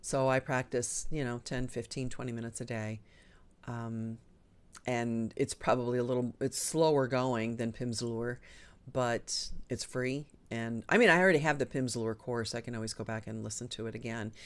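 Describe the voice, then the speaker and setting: A woman hosting a live online show, chatting casually and enthusiastically with frequent ums and a lively, swinging delivery. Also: rumbling low, normal speed. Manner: chatty and enthusiastic, talks with her hands in the air of her voice, frequent ums. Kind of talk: casual live-stream chat.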